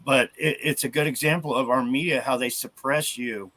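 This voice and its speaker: A man talking earnestly as a guest in a casual video chat, halting and restarting his sentences often. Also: mid-range voice, fairly even intonation, bright, forceful tone.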